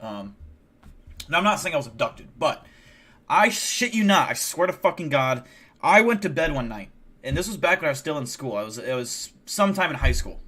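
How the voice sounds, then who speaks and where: A man's voice: on the high side, moderate pace, slightly rough. A man co-hosting a stream, telling rambling, profane stories in casual chat. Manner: profane, animated rambling storyteller. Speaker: stream co-host.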